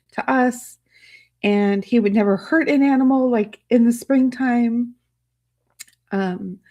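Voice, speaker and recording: A woman hosting a casual livestream, talking softly and emotionally, rambling with many fillers and restarts while reading chat. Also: fairly high pitch. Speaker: livestream host.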